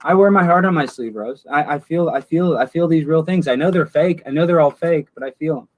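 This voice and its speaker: A man's voice: on the high side, fairly quick, poor audio. A man chatting in a comedy sketch, earnest and sheepish, often stumbling and restarting his words. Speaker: comedy co-host. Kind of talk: deadpan comedic chat.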